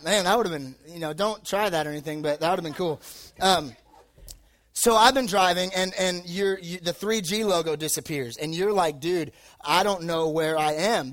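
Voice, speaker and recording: A man's voice: high voice, moderate pace, fairly bright tone. A young man giving a casual sermon to a live audience, telling a rambling, joking personal story full of fillers. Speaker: youth preacher. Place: live talk before an audience.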